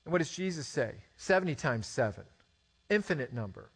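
A man in his forties preaching a sermon, animated, with rhetorical questions and stammered restarts. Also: fairly high pitch, fairly quick, slightly rough. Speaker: pastor.

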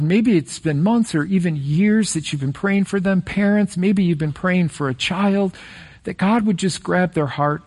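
A middle-aged man preaching a sermon as pastor, earnest and animated, with direct appeals to the listeners. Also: sits high, slightly rough.

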